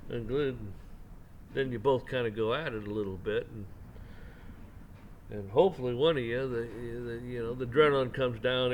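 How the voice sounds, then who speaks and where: A man's voice: mid-range voice, slight background noise. A man hosting a commentary channel, giving a casual opinion rant, rambling and often repeating and restarting his words.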